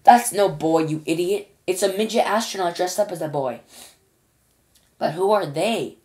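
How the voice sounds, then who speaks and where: Woman as irate male mission controller, shouting, storybook. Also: fairly low pitch, moderate pace, lightly acted. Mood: angry. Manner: angry, yelling, snapping. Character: shouting male ground controller, short-tempered. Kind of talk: children's storybook reading.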